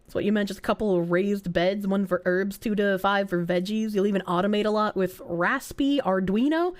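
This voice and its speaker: A young woman with a Boston accent, streaming and chatting casually with her live chat, her voice a little rough from being sick, swearing and often breaking into high squeals. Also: fairly quick, slight background noise. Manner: animated, swearing, frequent laughter, jumps to high squeals.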